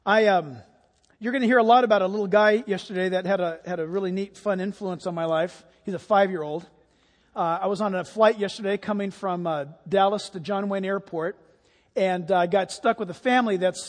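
A man, a pastor, preaching a sermon and telling stories in a lively, chatty way. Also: high voice, in a large hall. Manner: animated, chatty storytelling. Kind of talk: sermon with anecdotes. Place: church sanctuary.

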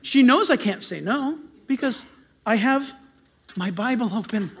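A middle-aged man preaching from the pulpit with a strikingly high voice that swoops up and down. His tone is bright and ringing, and he tells his stories with animated energy, acting out greetings loudly. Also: unhurried. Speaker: pastor. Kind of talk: sermon.

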